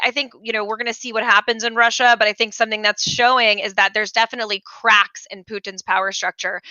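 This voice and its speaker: A woman's voice: medium pitch, pushed and bright, dry recording, lo-fi sound. A woman hosting a political commentary show, chatty and opinionated with jokey asides. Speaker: host.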